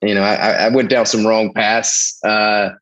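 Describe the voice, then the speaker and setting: Low-voiced Southern man telling stories. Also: unhurried, poor audio. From American South. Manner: animated, rambling storyteller. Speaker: guest, Navy veteran. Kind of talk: casual storytelling.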